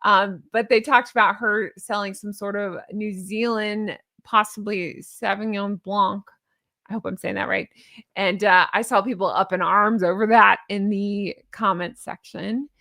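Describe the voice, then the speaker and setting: Chatty sarcastic woman, gravelly voice. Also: medium pitch, fairly even intonation, unhurried, sharp tone, no room sound, clean studio sound. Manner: chatty, sarcastic, laughs at own jokes. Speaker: YouTube commentary host. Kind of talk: casual reaction commentary.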